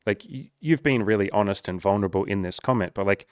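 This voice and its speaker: Male life coach, lowish voice, dry close sound, frank and swearing. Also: fast talker, clean tone, no echo. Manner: earnest, swears often, acts out quoted voices. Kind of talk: casual talking-to-camera advice.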